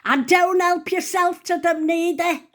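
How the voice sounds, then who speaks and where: A woman in her seventies voicing a blunt, cranky elderly woman neighbour who shouts and scolds. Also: very high-pitched, level tone, slow pace, voice pushed up. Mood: shouting. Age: 70s.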